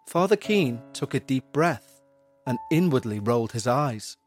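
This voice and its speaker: A man narrating a paranormal horror story in a steady, measured way. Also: medium pitch. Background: faint music.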